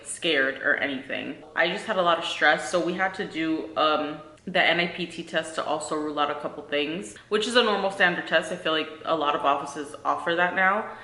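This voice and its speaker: A woman in her thirties chats earnestly to camera for a casual vlog, talkative and peppering her speech with "like" and "um." Her voice is low-pitched, pushed and bright, recorded in an echoey room.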